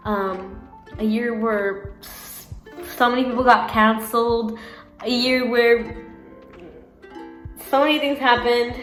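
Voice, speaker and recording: A woman's voice: fairly high pitch, fairly bright tone. Giggly rambling woman vlogger, roomy sound. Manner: rambling, giggly, self-correcting, many fillers. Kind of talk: casual chat to camera.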